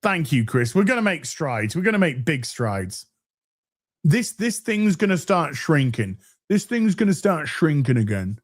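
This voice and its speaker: Brief: man, live stream host, lively swinging pitch, profane and warm with chat, fairly high voice. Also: measured pace. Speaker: livestream host reading super chats.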